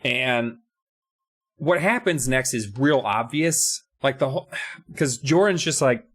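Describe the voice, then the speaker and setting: A man's voice: mid-range voice, expressive, takes it slowly, fairly bright tone, soft background music. A man co-hosting a podcast in casual chat, recapping a book in a sarcastic, profane, rambling way. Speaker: podcast co-host.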